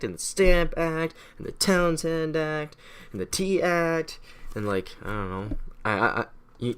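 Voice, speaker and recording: Man, casual history recap, profane, irreverent, rambling, mid-pitched voice. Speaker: history explainer.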